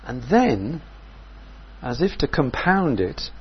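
A man preaching a sermon in a measured, reflective way, often asking his listeners questions. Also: medium pitch, big pitch swings, lo-fi sound, a little hiss or hum.

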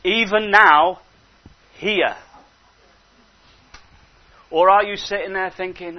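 Man, preacher, sermon, high voice, animated, hushed asides and emphatic exhortation, dull lo-fi sound. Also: slow pace, pauses often. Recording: dull lo-fi recording.

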